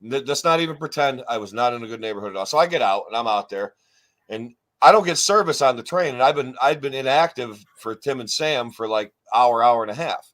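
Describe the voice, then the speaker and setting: Male co-host, loose rambling storyteller, curses freely, average pitch. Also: fairly quick. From New York State. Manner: rambling, profane, animated retelling. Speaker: podcast co-host. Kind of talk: casual storytelling chat.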